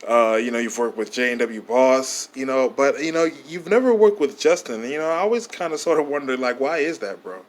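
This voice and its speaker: Male podcast host, middle pitch, casual and friendly with the guest. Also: expressive, brisk, hardly any pauses. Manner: laid-back, calls the guest "bro". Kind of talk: casual chat.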